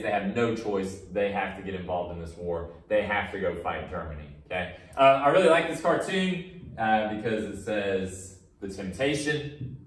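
A man's voice: fairly low pitch, reverberant, recorded from a distance, rough recording. A man teaching a history lecture in a casual way, often acting out countries in silly voices for his students. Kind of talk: recorded classroom lecture.

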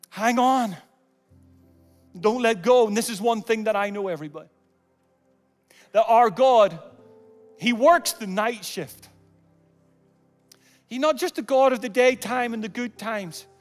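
Guest preacher, male, high voice, dynamic with hushed moments and jokes, reverberant auditorium with music bed. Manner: dynamic, swings from loud calls to hushed near-whispers; humorous asides. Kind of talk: sermon with altar call. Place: large church auditorium.

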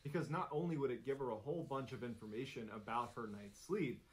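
Man, scripted true-story narration, steady suspenseful delivery, mid-pitched voice. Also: fast talker, rough recording. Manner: steady, suspenseful, detailed retelling.

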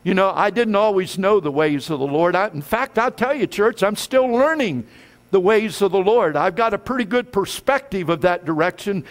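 A man preaching a sermon in church, swelling up and dropping low as he calls out to the congregation. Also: lively intonation, moderate pace. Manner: preaching with swells and drops in pitch and loudness. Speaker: pastor. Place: church sanctuary.

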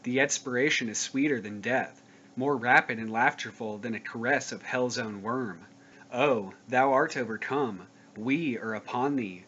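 A man giving a solemn scripture reading, slow, grave and declamatory. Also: medium pitch, pushed and bright. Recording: dull lo-fi recording with faint noise.

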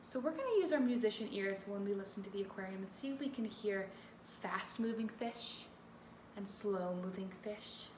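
Lady music teacher talking to little kids, animated and expressive, medium pitch. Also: roomy sound, a little hiss or hum. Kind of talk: online music lesson for children.

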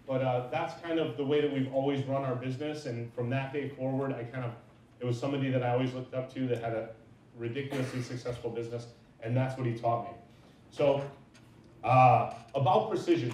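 A man's voice: medium pitch, darkish tone, slight background noise. A man in his thirties, a business owner, giving an informal talk and rambling through anecdotes with lots of fillers. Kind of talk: informal lecture. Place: large echoey lecture room. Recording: echoey hall from far off.

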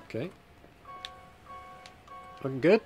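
A man's voice: medium pitch, very animated, takes it slowly, dark tone, lo-fi sound, soft background music. Chatty man doing game commentary. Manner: chatty, jokey, reads viewer comments aloud. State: hot and sweaty. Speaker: Let's Play streamer. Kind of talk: casual gameplay commentary.

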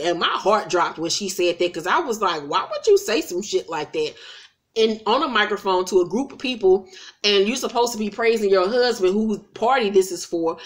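In a casual vlog, a woman with a mid-range voice recaps a reality show, bluntly and with plenty of profanity, replaying scenes in mocking quoted voices.

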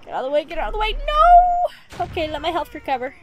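A woman with a notably high voice runs a casual let's play. She is excitable and talks straight at the game, repeating her pleas and commands again and again, with a faint hiss of noise under her voice. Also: very fast. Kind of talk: casual gameplay commentary.

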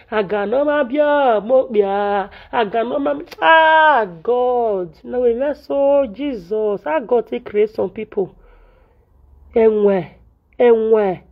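A Nigerian woman vlogger, venting in Pidgin English and scolding repetitively in an indignant tone. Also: on the high side. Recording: dull lo-fi audio.

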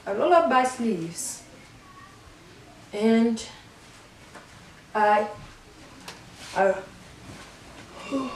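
Halting middle-aged woman in a roomy space. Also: fairly high pitch. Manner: halting, rambling and playful, with many restarts. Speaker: mother doing a makeup challenge. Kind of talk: casual makeup tutorial. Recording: roomy echo, a little distant from the mic, faint background noise.

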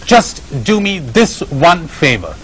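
A man's voice: a little high, wildly swooping pitch, takes it slowly, a bit bright, a little hiss or hum, heavily acted, poor audio. An Indian-accented man voicing a pious old man who wheedles and bargains insistently with God. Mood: pleading.

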